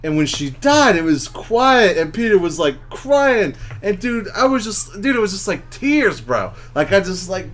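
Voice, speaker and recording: A man co-hosting a casual podcast chat, telling stories excitedly with lots of fillers and restarts. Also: sits high, a little slow, few pauses. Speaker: podcast co-host.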